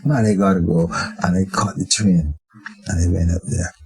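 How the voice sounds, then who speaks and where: An older man with a Barbadian accent, an interview guest telling stories in a lively way and acting out the voices of people in them. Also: low-pitched, moderate pace, husky, low-quality recording. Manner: animated, acts out voices in his anecdotes. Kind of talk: storytelling chat.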